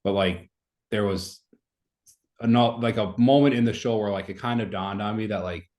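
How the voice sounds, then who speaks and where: A man in his thirties with a fairly low voice talks through a story in relaxed podcast chat. He rambles and scatters fillers all through his sentences. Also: normal speed. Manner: rambling, many fillers like "like" and "you know". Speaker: podcast guest. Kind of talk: casual conversational storytelling.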